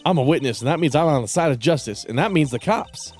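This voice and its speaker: A man's voice: fairly high pitch, animated, quick pace, faint music behind. Dude doing a sassy country-ish lady witness, mouthy and brash. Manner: sassy, folksy. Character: brash folksy woman witness.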